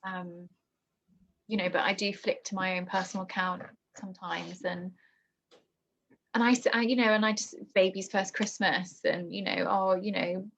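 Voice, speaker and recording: A young woman telling a painful personal story in conversation, halting and emotional with many restarts. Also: medium pitch, fairly even intonation. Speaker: guest. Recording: dull lo-fi podcast audio.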